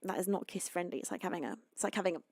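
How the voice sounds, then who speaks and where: Tired and sleepy, this young British singer-songwriter rattles on rapid-fire to her live chat in a fairly low, gravelly voice, rambling happily and welcoming viewers warmly. The recording is dry and studio-clean.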